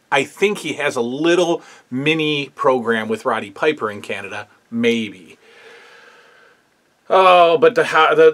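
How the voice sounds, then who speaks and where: A man's voice: mid-range voice, fairly bright tone. Rambling man reviewing old wrestling. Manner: rambling, filler-heavy, opinionated. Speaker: wrestling history show host. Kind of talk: casual review commentary.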